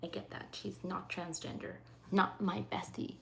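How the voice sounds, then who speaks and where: Chatty woman with a gravelly, low voice. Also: fairly even intonation, moderate pace. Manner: chatty, often dropping into soft half-whispers. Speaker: livestreaming makeup host. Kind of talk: casual live makeup chat, reading comments. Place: at home in Saskatchewan. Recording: faint background noise.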